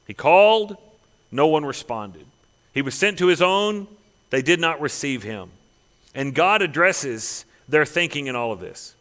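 A man's voice: fairly high pitch, a bit bright, big-room sound. A man preaching a sermon as a pastor, emphatic, with rhetorical questions and a repeating cadence.

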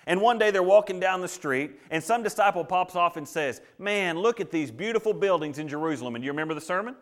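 Man preaching, middle-aged, somewhat high pitch, animated, loud then hushed. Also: quick pace. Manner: animated, swings from loud to hushed, acts out quotes. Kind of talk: sermon.

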